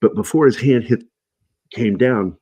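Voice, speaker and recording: Middle-aged guy on a stream, husky lowish voice, animated storytelling, dry sound. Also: measured pace, dry recording. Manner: animated anecdotes, shouting in quoted lines. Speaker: guest. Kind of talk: casual storytelling on a livestream.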